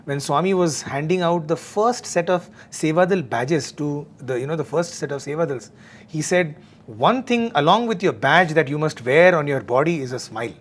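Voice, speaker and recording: A man's voice: on the high side, animated, moderate pace. A man hosting a devotional discussion, speaking earnestly with many "you know" fillers. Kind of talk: conversational satsang discussion.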